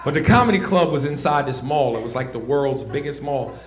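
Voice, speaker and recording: A man doing stand-up comedy, loud and animated, often shouting. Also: medium pitch, a little fast. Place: comedy club stage. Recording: echoey club with crowd noise.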